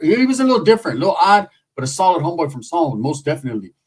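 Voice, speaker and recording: A man's voice: a little high, expressive, rapid-fire, breathy edge, distant mic, rough recording. A man from San Jose, California telling a casual story in a profane, streetwise way. His speech wanders loosely from point to point, and his voice sits a bit above the usual male range.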